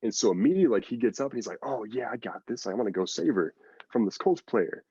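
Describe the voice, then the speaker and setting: A man's voice: mid-range voice, animated, quick pace, dark tone, breathy edge, no room sound, lo-fi sound. A man guest on a podcast, telling a long story in a rambling, casual way with lots of fillers and acted-out quotes. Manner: rambling, filler-heavy, acts out quoted lines.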